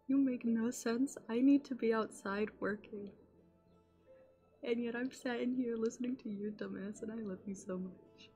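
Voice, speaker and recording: Diluc, a gruff smitten young man, as a woman mutters him. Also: on the high side, normal speed, dark tone, soft background music, lightly acted. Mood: exasperated.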